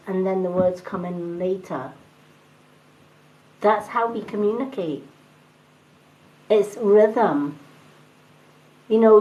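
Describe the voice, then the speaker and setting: A middle-aged woman giving a gentle, chatty spiritual talk to viewers on a live stream. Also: medium pitch, dull audio. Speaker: tarot reader on a live stream.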